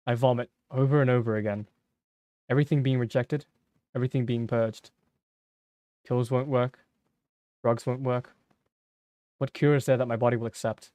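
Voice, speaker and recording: A man streaming himself as he reads a story game aloud in a slow, somber, measured voice. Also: mid-range voice, mellow, no echo.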